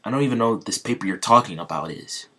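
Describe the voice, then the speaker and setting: A man's voice: on the low side, animated, fast, fairly bright tone. A man voicing a confused young man thrown into another world, in a plain retelling voice. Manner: plain retelling voice, barely acted.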